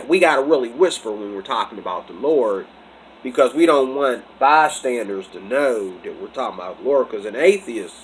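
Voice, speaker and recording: A man's voice: mid-range voice, fairly bright tone, a little hiss or hum, poor audio. A man vlogging in a casual preaching monologue, rambling, restarting phrases and breaking into laughter. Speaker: religious vlogger.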